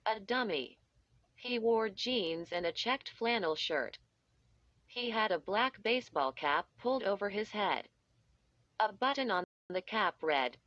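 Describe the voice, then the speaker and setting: A woman reading a spooky children's story aloud in the first person, measured and even. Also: medium pitch, dry recording, highs cut off. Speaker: audiobook narrator. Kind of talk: scripted first-person narration.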